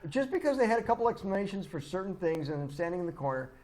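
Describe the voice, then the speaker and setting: A man's voice: high-pitched, very animated, rapid-fire, a little mellow. A man co-hosting a movie podcast, arguing his opinions bluntly in casual chat. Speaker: podcast co-host.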